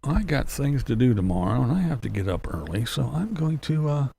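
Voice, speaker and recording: A man chatting casually on a livestream, with a gravelly, fry-laden voice at an everyday middle pitch. He talks bluntly, swears freely and chuckles between remarks as he reads out comments. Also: very animated, fairly quick, warm tone, a little hiss or hum. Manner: blunt, ranting, profane, chuckling. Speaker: livestream host.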